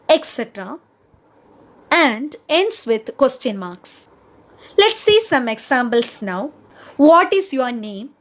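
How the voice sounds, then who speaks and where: A woman teaching a grammar lesson, spelling out each example word by word. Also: a little high. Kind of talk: slow, deliberate grammar lesson.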